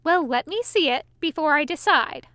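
A woman reader playing a giddy tipsy male angel, fussy, teasing, high and smooth, dry audiobook. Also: lively intonation, normal speed, sharp tone, no echo. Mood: gleeful. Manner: laughing, gleeful teasing. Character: drunk cackling male angel, fussy and gleeful. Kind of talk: fan fiction audiobook.

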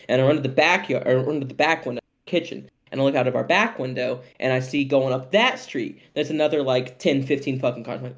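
A young man co-hosting a podcast, telling a story in casual, profane, animated chat and often laughing. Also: medium pitch, fast talker, few pauses. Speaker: podcast co-host.

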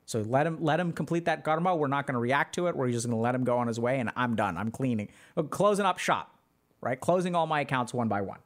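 A man quoting a calm, unbothered sage in his own casual, slangy voice. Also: mid-range voice, fast, close to an everyday voice. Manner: offhand and slangy. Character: calm, unbothered male sage, laid-back.

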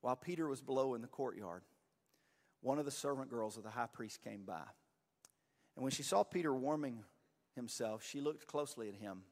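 A man's voice: mid-range voice, fairly quick, in a large hall. A man preaching a sermon as a pastor, in a conversational, earnest way with many fillers and restarts.

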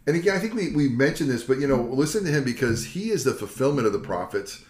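An older man, a pastor co-hosting a casual Bible discussion, telling the stories in a lively folksy way and acting out the quotes. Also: medium pitch, fast talker. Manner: animated storyteller, acts out quotes, folksy. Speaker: pastor and co-host. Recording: echoey room.

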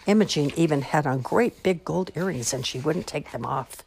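A woman reading a children's novel aloud with expressive, wry storytelling. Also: low-pitched, moderate pace, vocal fry, husky.

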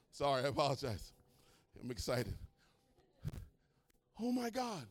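A man preaching a sermon at a church service, excitable and swinging from hushed talk to shouting as he retells stories. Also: medium pitch, a little slow, no echo. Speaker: pastor.

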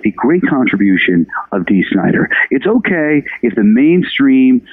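A man's voice: mid-range voice, very animated, a little slow, no echo. A man talking as a guest in an interview, emphatic and passionate, swearing often. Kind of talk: casual interview. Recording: dry phone-line sound.

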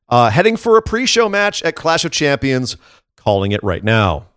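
A man's voice: mid-range voice, very animated, normal speed, fairly bright tone, clear, resonant tone, no echo, studio quality. A man co-hosting a wrestling podcast in casual chat, opinionated and sarcastic.

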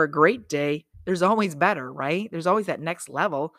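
In studio-quality audio without echo, a podcast host with a low, fairly bright voice talks at normal speed with hardly any pauses. Her motivational show is chatty and upbeat, and she frequently corrects herself and murmurs asides to herself.

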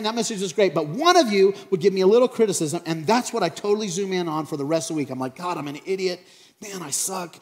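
Male pastor, sermon, slightly high voice, playful and chatty, big echoey hall. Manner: playful, acts out little scenes in funny voices. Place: large church hall.

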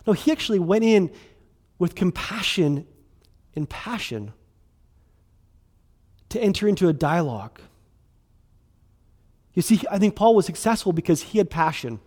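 A middle-aged man preaching a sermon in a loose, conversational way, full of "like" and quick restarts. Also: high-pitched, lively intonation, darkish tone. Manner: conversational, filler-heavy, restarts, quick bursts. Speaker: pastor.

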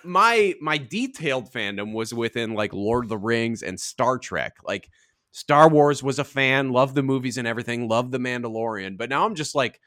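A man co-hosting a podcast in casual chat, gushing excitedly and swearing freely. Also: medium pitch, moderate pace. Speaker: podcast co-host.

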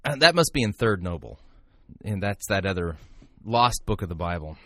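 A man's voice: deep voice, big pitch swings, moderate pace, slight background noise. A man giving critical, sarcastic commentary on a sermon clip, into a close mic. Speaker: commentary host reviewing a sermon.

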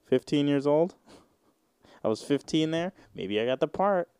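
A man's voice: fairly high pitch, lively intonation, a little slow, mellow, smooth, no echo, studio quality. A man in his twenties hosting a solo podcast, rambling and joking with plenty of profanity. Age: 20s. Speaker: podcast host. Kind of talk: casual solo podcast rant.

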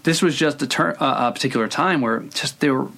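A man's voice: mid-range voice, a little fast, vocal fry, pushed and bright. A man in his thirties, a screenwriter, talking casually in an interview and rambling through many restarts and hedges. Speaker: screenwriter guest.

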